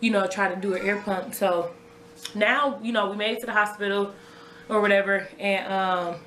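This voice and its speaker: A woman's voice: medium pitch, fairly even intonation, moderate pace, fairly bright tone, roomy sound, a little hiss or hum. A young woman recounting a personal story to her viewers in a casual, conversational way, often repeating herself. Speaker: vlogger telling her own story. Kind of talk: raw personal storytelling to camera.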